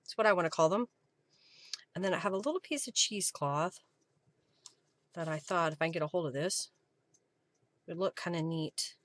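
Here the craft journaling host speaks in a lowish voice at a moderate pace, pausing often. She runs a live crafting stream, talking casually while she works, musing out loud and offering thanks to her viewers.

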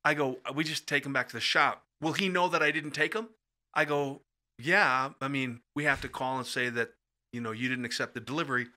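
A man's voice: fairly even intonation, brisk. A middle-aged man telling funny stories in a casual podcast chat, acting out the voices in them with big jumps up and down. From Midwestern United States. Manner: acts out quoted voices with big jumps in pitch and loudness. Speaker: storyteller guest. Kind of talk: animated storytelling chat. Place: podcast studio.

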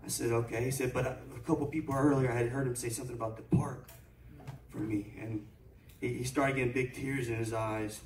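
A man telling a story in a sermon, building up to loud preaching. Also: mid-range voice, fairly even intonation, fairly quick, slight background noise. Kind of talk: sermon testimony. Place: church sanctuary. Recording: echoey church from far off.

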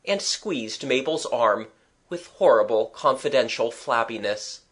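A man narrating a children's audiobook chapter in a measured, expressive storytelling manner. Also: mid-range voice.

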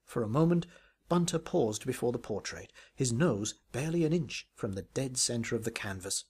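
A man's voice: medium pitch, lively intonation, moderate pace, darkish tone, husky. A man reading a comic parody story aloud in a dry, wry, arch manner. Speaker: narrator.

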